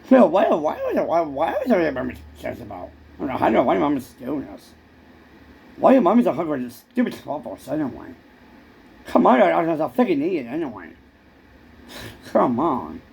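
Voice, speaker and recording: A man's voice: on the high side, huge pitch swings, normal speed, creaky, a little mellow, slight background noise. A man in a rambling comic monologue who stammers and keeps repeating words.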